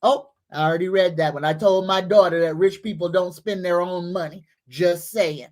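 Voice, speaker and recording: A woman hosting a psychic livestream, greeting viewers, reading comments and leading affirmations. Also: fairly low pitch. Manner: greets viewers warmly, leads slow repeated affirmations.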